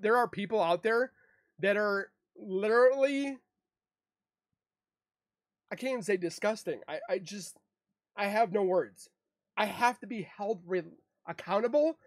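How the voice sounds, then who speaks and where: A man's voice: high voice, unhurried, pauses often, dry recording, studio quality. A man in an emotional, defensive monologue to camera, rambling and repeating himself as a true crime YouTuber. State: emotional, upset.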